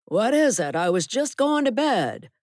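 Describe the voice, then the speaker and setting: A woman's voice: fairly high pitch, very animated, measured pace, darkish tone, dry recording, studio quality, pitched above the performer's own voice. A woman voicing a nervous, defensive male surveyor who protests at being used in an audiobook. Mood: sleepy. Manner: protesting, flustered.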